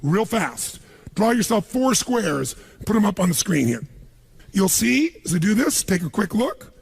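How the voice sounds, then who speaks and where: Raspy, gravelly motivational speaker. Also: male voice, high voice, big pitch swings, measured pace. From United States. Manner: emphatic, calls on the crowd to answer. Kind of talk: live seminar speech to an audience.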